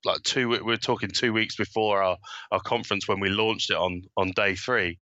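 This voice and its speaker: A man speaking as a podcast guest, eager and halting, with many repeated words. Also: lowish voice, fairly even intonation, sharp tone, dry recording, dull audio. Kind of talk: casual podcast chat.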